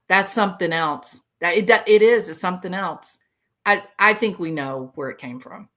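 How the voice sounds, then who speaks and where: A woman's voice: on the low side, normal speed, fairly bright tone. A woman hosting true crime commentary, talking casually to her viewers and speculating aloud with rhetorical questions.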